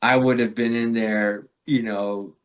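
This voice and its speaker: A man from Florida, a podcast guest, telling a rambling spiritual story in a reflective, casual way with fillers and soft laughs. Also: fairly low pitch, fairly even intonation, a little slow.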